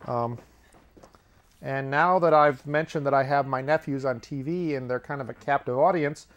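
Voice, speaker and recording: A man hosts his own comedy show, wandering through a loose monologue with dry, sardonic asides. He often chuckles at his own jokes, and his voice sits in an ordinary middle pitch. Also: moderate pace, highs cut off. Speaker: host.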